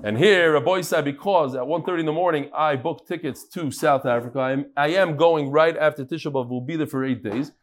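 Animated rabbi with a high-ish voice. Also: male voice. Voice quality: animated, jokey, quick shifts in pitch. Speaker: rabbi leading a daily Talmud class. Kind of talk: lively class talk, reading out messages. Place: room with a live audience.

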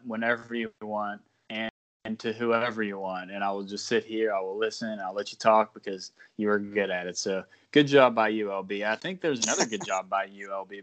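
A man's voice: fairly low pitch, a bit bright. A man co-hosting a casual sports podcast, telling a rambling story and laughing at himself. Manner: rambling, self-deprecating, laughs often. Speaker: podcast co-host.

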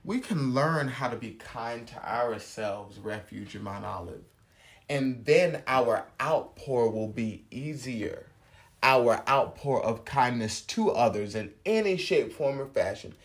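Slow, halting man preaching gently. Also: medium pitch, lively intonation. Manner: slow, halting, with restarts and soft laughs. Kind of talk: relaxed personal sermon.

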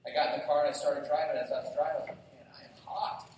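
A middle-aged man preaching a sermon as pastor, telling lively stories with self-mocking humor. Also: on the high side, very fast, distant mic, a little hiss or hum. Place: church sanctuary. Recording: very echoey hall, heard from afar.

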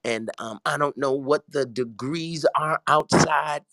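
A man's voice: a little high, a little slow, a bit bright, dry recording, low-quality recording. A man, a pastor preaching fervently, breaking into tongues and stammering repeats as he builds. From Southern US. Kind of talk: fervent preaching on a talk show.

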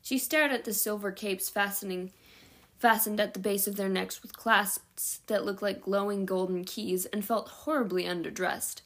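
Woman, mid pitch, home reading of a novel, informal, small self-corrections. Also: steady tone, moderate pace, fairly bright tone. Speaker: audiobook reader.

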